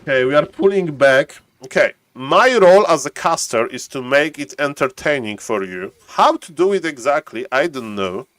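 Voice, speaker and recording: A man giving chatty, excitable live commentary on a strategy game stream, laughing often and restarting his phrases. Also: medium pitch, normal speed, few pauses, no echo.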